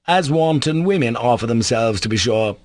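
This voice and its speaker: A man voicing a bitter, sardonic young man in an audiobook, sharp and contemptuous in tone. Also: medium pitch, lively intonation, normal speed, voice pushed up, lightly acted. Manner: sharp, contemptuous, scornful delivery. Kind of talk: audiobook character voice.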